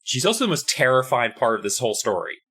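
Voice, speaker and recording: A man's voice: medium pitch, very animated, fast, sharp tone, breathy edge. A man co-hosting a podcast, chatting enthusiastically and swearing casually. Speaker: podcast co-host. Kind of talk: casual chat.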